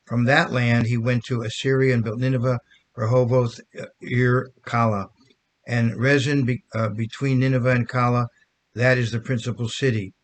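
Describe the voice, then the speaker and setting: Older man, steady measured scripture reading. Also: medium pitch. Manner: steady, measured reading of name lists with small stumbles. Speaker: podcast co-host.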